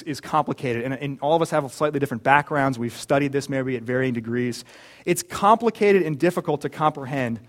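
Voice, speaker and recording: Earnest male pastor preaching, higher voice. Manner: earnest, with rhetorical questions and restarts. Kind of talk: sermon.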